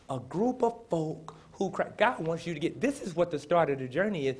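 A man preaching a sermon in plain, folksy speech, building to shouted emphasis and calling on the congregation to respond. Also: fairly high pitch, animated, moderate pace, hardly any pauses, husky. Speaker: pastor.

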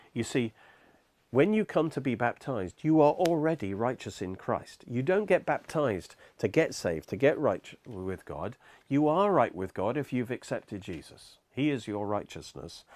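A man's voice: mid-range voice, darkish tone, dry recording. A man preaching a sermon, explaining scripture step by step in an earnest, emphatic way.

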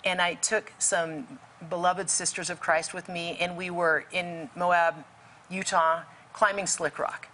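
A woman's voice: on the low side, fairly even intonation, a little slow, pushed and bright, a little hiss or hum. A woman guest telling a faith story vividly, acting out the dialogue in it. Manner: vivid, acts out quoted dialogue. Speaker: guest author. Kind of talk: storytelling testimony.

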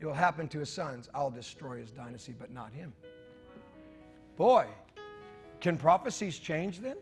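This pastor's voice is fairly high and animated, moving at a moderate pace with faint music behind it. Preaching in church, he reads from scripture and tosses in humorous remarks for the congregation.

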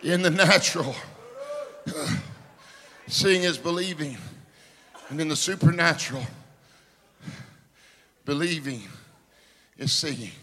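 A man, preaching a sermon, swinging from shouts to hushed asides. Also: a little high, slow, pauses often, slight background noise. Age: 50s. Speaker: pastor. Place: large church sanctuary. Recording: reverberant church hall.

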